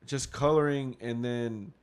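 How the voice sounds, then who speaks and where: A man's voice: medium pitch, fairly even intonation, a little slow. A man, a father, chatting casually as co-host and telling a long story, acting out his own past thoughts and swearing now and then. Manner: rambling, acts out his own past thoughts with lots of "I was like".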